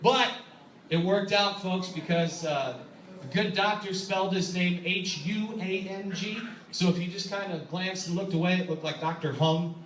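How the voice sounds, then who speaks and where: A man performing a stand-up comedy set, telling a story with animated delivery, acting out voices and laughing at his own jokes. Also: sits high, normal speed, far from the mic, slight background noise. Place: comedy club stage. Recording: echoey club recording, audience laughter. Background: audience laughing.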